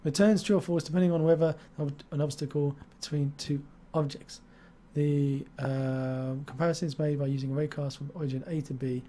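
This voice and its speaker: A man's voice: on the high side, steady tone, a little fast, dark tone. A man hosting a live-stream interview, chatty and jokey, rambling from topic to topic. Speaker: stream host.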